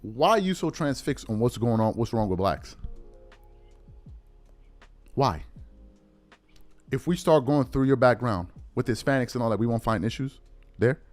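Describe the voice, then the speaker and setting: A man's voice: medium pitch, lively intonation, measured pace, pauses often, faint music behind. A man delivering a heated, indignant commentary monologue as a YouTube commentator, emphatic and given to repeating words for stress.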